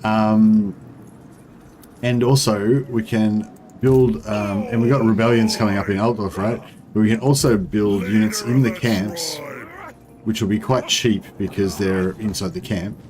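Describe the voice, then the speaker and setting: A man's voice: lowish voice, steady tone, measured pace. A man giving casual, rambling commentary as he plays a strategy game, with frequent ums and restarts. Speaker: gaming streamer.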